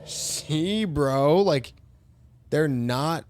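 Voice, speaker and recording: A man's voice: on the high side, expressive, extremely slow, darkish tone, a little hiss or hum. Laid-back, slangy man co-hosting. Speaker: stream co-host. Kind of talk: casual stream chat reacting to videos.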